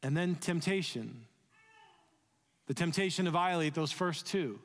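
Earnest pastor in a reverberant hall. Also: male voice, fairly high pitch, animated, a little slow. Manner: earnest, conversational preaching, drops soft when leading prayer. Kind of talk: sermon. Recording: echoey hall, long reverb.

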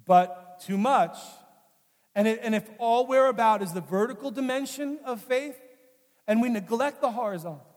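A man preaching a sermon as pastor. He tells stories in a conversational, earnest way and often repeats key phrases. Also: high-pitched. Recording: long hall reverb.

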